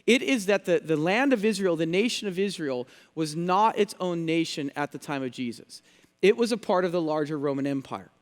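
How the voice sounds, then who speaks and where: A man's voice: fairly high pitch, expressive, a little fast, in a large hall. A male pastor preaching a sermon, teaching earnestly, stressing key words and repeating phrases for effect. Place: church sanctuary.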